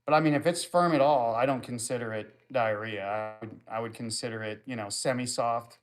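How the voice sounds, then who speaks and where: A man's voice: medium pitch, a little fast. A man hosting a livestream, reading viewer comments aloud and answering them with crude, rambling jokes in easy casual chat. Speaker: livestream host.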